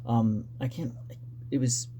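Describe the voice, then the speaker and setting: Mellow-voiced man rambling about his writing. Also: mid-range voice, fairly even intonation, a little hiss or hum. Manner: rambling and halting, full of restarts. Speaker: novelist showing his drafts. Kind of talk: unscripted casual vlog talk.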